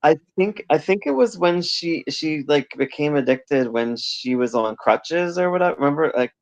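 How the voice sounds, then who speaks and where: A man's voice: fairly high pitch, lively intonation, moderate pace. A man co-hosting a podcast, chatting casually in a laid-back, hedging way with short agreeing replies. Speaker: podcast co-host. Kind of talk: casual recap chat.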